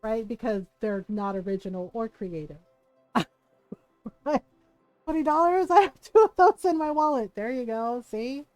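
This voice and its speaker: While gaming, a woman with a slightly high voice casually tells stories about her Filipino family, animated and laughing as she imitates family members. The audio is poor but has no echo.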